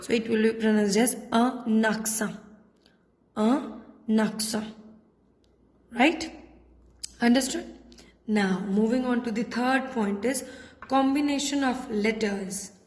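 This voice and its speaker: A woman's voice: a little high, unhurried. A woman teaching a French class patiently, spelling out letters and repeating words. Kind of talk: classroom lesson. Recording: echoey room with long reverb.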